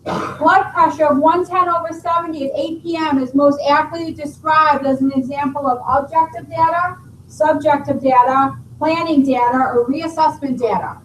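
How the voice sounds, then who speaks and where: A woman's voice: high voice, steady tone, normal speed, recorded from a distance. A woman teaching a nursing class, explaining and quizzing her students. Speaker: nursing instructor. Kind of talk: classroom lecture. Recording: roomy classroom recording from afar, faint noise.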